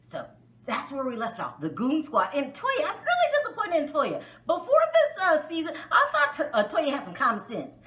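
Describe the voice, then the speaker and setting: A woman hosting a casual review vlog, talking in an animated, outspoken and exasperated way and often laughing. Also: high-pitched, moderate pace. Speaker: reality TV reviewer, vlog host. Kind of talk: casual spoken show review.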